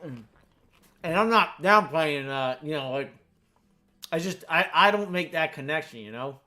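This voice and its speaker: Chatty American male streamer, rambling casual delivery, bright tone, keyboard typing in background. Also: fairly high pitch, animated, measured pace. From United States. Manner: rambling, chatty, full of fillers. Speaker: gaming streamer. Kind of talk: casual chat while playing a game.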